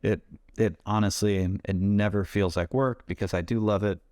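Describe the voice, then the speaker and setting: A man who works as a stuntman, telling lively anecdotes in a casual interview and acting out what people said. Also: lowish voice, moderate pace, smooth, no room sound, clean studio sound. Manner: animated anecdotes, acts out quoted voices. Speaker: stuntman guest.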